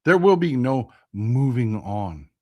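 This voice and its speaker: A man's voice: mid-range voice, sing-song, slow, highs cut off. A man with a Texan accent hosting a political commentary vlog, speaking in an impassioned, blunt and profane way and repeating phrases for emphasis. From Texas. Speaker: host.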